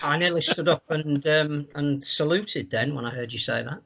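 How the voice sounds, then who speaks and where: A man co-hosting a podcast in casual chat, measured and thoughtful. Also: fairly high pitch, vocal fry, fairly bright tone. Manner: measured, thoughtful, some hesitation. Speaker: podcast co-host. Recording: dull, lo-fi remote line.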